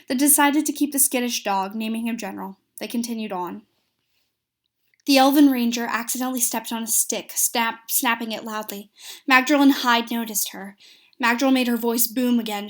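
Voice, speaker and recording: A woman narrating a recap of a tabletop fantasy game, reading steadily with small slips and restarts. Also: fairly high pitch.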